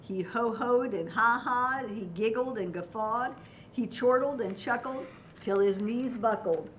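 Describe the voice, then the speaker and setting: An older woman reading a picture book aloud to children, pausing to ask them gentle questions. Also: on the high side, slight background noise, rough recording. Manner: gentle, asks young listeners questions.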